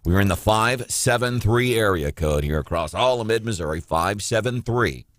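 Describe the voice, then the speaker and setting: A man's voice: on the low side, animated, moderate pace, fairly bright tone, no echo. A man hosting a morning talk radio show, giving sarcastic, combative commentary on the news. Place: radio studio.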